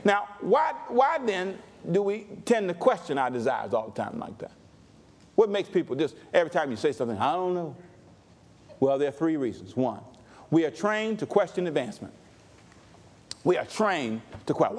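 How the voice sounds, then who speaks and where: A male pastor preaching a sermon with call-and-response, dropping to low asides and rising to shouts. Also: sing-song, normal speed.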